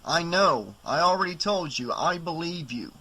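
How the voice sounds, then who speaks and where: Man voicing a weary middle-aged doctor, kindly, reluctant, plain talk, audiobook, bright, slightly high. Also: animated, normal speed, breathy edge, full character voice, low-quality recording.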